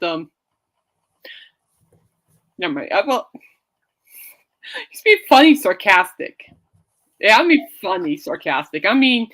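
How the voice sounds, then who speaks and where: With a mid-range, fairly bright voice, a female podcast host rambles through casual chat, laughing frequently.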